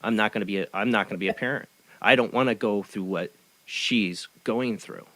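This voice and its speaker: Middle-aged guy hosting a paranormal-ish podcast, low voice, dry close sound, keeps restarting sentences. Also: brisk, pushed and bright, no echo, poor audio. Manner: earnest, stammering restarts. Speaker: podcast host. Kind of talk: casual conversational interview.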